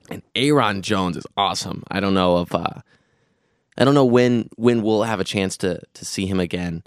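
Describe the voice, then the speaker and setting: Rambling low-voiced man, smooth and dry. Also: dry recording. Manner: rambling, many restarts and fillers, enthusiastic. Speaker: podcast co-host recounting a festival trip. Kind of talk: casual chat.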